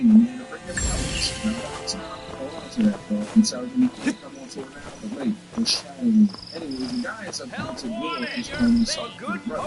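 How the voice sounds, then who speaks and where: A man's voice: high-pitched, gravelly, low-quality recording. Slangy man retelling a story over music. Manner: slangy, animated, acts out characters. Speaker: gaming channel host. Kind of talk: casual comedic story retelling.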